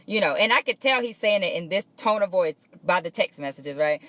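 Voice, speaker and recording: A woman's voice: fairly low pitch, fairly quick, hardly any pauses, a bit bright, no room sound. A woman hosting a live morning motivational show from her workplace, talking casually and encouragingly to viewers and greeting them by name.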